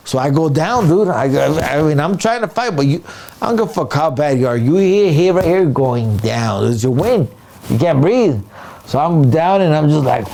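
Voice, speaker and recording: Male comedian, loose interview storytelling, slangy, acts out sounds, mid pitch. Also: moderate pace. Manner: animated, street slang, sound effects, frequent "right?" and "dude"; many restarts and fillers.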